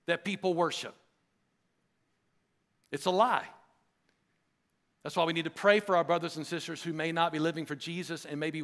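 A man preaches to his church in an earnest, emphatic way, driving points home by repeating phrases. His voice sits high for a man. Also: creaky, a bit bright. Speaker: pastor. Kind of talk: sermon.

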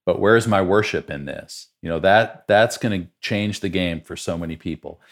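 A man's voice: sits low, moderate pace. A man hosting a podcast conversation, talking in a reflective, encouraging way.

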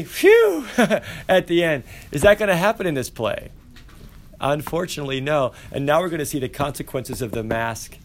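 A male teacher giving an animated, playful class lecture and asking his students questions. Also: mid-range voice. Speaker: high school teacher.

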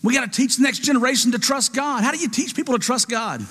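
Emphatic preacher in a reverberant hall. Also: male voice, extremely high pitch, fast talker, pushed and bright, breathy edge. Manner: emphatic, call-and-response with congregation. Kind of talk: sermon.

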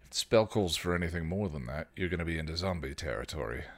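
A man doing a grim, soft-spoken vampire. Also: very deep voice, animated, quick pace, voice pushed down. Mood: grim gentle. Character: grim protective male vampire, gentle yet stern.

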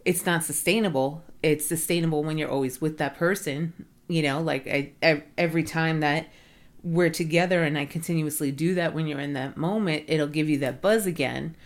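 A woman's voice: deep voice, normal speed. A woman in casual conversation, talking earnestly with lots of "like" and "you know". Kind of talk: casual podcast chat.

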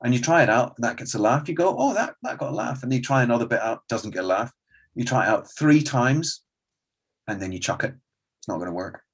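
A middle-aged man, a stand-up comedian and club owner, telling animated anecdotes in an interview and acting out the conversations he recalls. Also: mid-range voice, a little fast, breathy edge. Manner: animated storyteller, acts out quoted exchanges.

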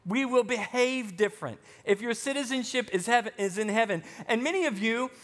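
Male pastor, Arkansas-raised with a faint Southern lilt, high voice, conversational sermon with humor, long reverb in a church. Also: fairly quick, fairly bright tone. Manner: conversational preaching with joking asides.

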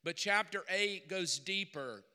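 Emphatic pastor with a bright, piercing voice. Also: male voice, sits high, expressive, measured pace. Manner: conversational preaching that builds to emphatic peaks. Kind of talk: sermon. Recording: long reverb of a large hall.

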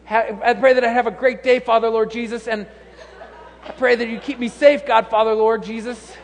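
A man mimicking an over-earnest churchgoer who piles up holy titles in a loud, breathless prayer. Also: very high-pitched, little pitch movement, normal speed, voice pushed up. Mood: gushing. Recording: long hall reverb.

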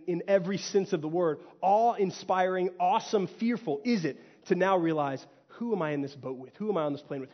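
A man from Texas preaching a sermon, telling stories with animated swings from loud to hushed. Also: sits high, in a large hall, highs cut off. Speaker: pastor. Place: church.

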